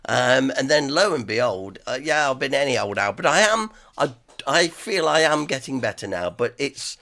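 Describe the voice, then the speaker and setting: A man with an East Midlands accent hosting a casual live stream, hoarse from a sore dry throat, rambling and greeting viewers one by one. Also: medium pitch, animated, moderate pace, sharp tone. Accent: East Midlands English.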